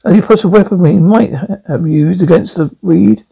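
A man voicing a worried male compound controller, reading from a script in a halting, anxious way. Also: sits high, vocal fry, warm tone, slightly rough, exaggerated voice, low-quality recording. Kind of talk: script read aloud.

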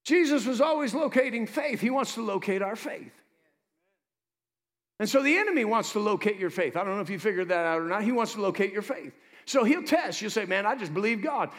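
A man preaching a sermon as pastor, with lively asides to the congregation. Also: sits high, long reverb tail.

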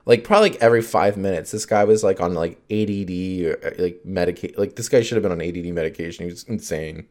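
A man's voice: sits low, fast talker, hardly any pauses, darkish tone. A man hosting his own podcast, rambling in casual chat, full of fillers and swearing and laughing often.

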